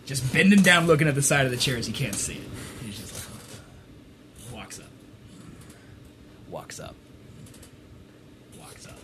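A man telling a rambling story on a stream, animated, sometimes rising to a shout. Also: mid-range voice, a little slow, long pauses, a little hiss or hum. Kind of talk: casual storytelling chat.

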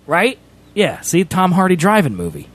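A man hosts a casual stream, chatting and teasing his friend as he talks over him. His voice sits high and swings widely in pitch. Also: huge pitch swings, moderate pace. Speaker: streamer host. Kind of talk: casual chat.

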